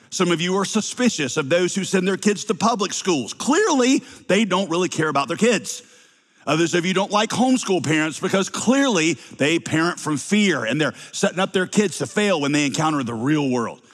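A man's voice: fairly high pitch, fairly bright tone, in a large hall. A middle-aged male pastor with a slight Southern accent, preaching a sermon with wry, teasing asides to the congregation.

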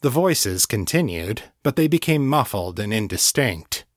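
A man reading a novel aloud as an audiobook narrator, in an even, measured storytelling way. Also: lowish voice, no echo, studio quality.

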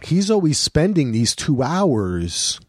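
Brief: middle-aged man, lively swinging pitch, animated swearing storyteller, dry close sound. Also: slow pace, husky, no echo. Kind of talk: casual chat.

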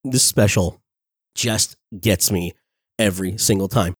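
A man in his forties giving a casual, enthusiastic review, talking quickly and laughing often. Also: low-pitched, slightly rough, dry recording, clean studio sound. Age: 40s.

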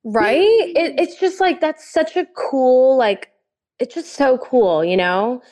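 A woman's voice: high-pitched, sing-song, takes it slowly, a little mellow. A young woman chatting casually and gushing, with lots of fillers and giggles. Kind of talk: casual chat.

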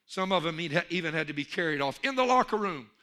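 A man preaching a sermon as pastor, telling jokes with animated energy and calling out for amens. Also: fairly high pitch, a little fast. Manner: animated storyteller, calls for amen.

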